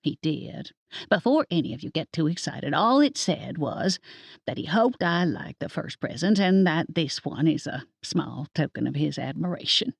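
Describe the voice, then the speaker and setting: A woman's voice: low-pitched, expressive, moderate pace, gravelly, no room sound, heavily acted. A woman voicing a stern older witch grandmother who speaks in clipped, curt lines. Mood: gruff.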